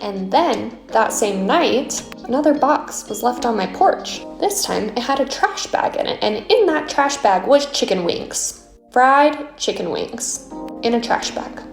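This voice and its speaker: A woman casually recounting a story for a storytime video, incredulous and animated. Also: fairly high pitch, a little slow, vocal fry, faint music behind. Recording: echoey room.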